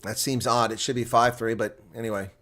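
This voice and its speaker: A man giving live play-by-play rugby commentary as a solo reaction streamer, talking casually and getting louder and more worked up when attacks build near the try line. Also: medium pitch, fairly quick. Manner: excitable, rising to near shouting on attacking plays.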